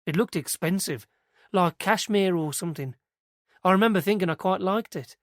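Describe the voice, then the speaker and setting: A woman's voice: fairly low pitch, moderate pace, dry recording, clean studio sound, pitched above the performer's own voice, natural voice. A man voicing a young woman who works at a nursery, telling what she saw in a chatty, hesitant, rambling way. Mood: earnest, unsure. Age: young adult. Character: young British nursery worker, eager, nervous.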